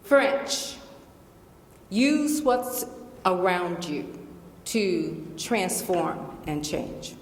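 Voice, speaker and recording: A woman's voice: on the low side, expressive, extremely slow, pauses often, slight background noise. Emphatic Southern woman in an echoey hall. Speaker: guest lecturer. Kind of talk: lecture Q&A. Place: large lecture hall. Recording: echoey hall with long reverb.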